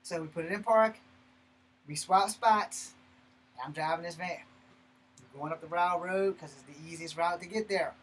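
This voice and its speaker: A man telling a personal story in a blunt, profane, animated way, breaking off and restarting mid-sentence. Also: fairly high pitch, moderate pace, pauses often, slightly rough, low-quality recording. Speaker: martial arts channel host. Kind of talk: personal story told to camera.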